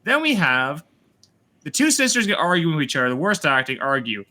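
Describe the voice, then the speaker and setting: A man hosting a casual review chat, retelling scenes in an animated, sarcastic way with swearing. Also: a little high, a little fast. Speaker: host reviewing a TV series.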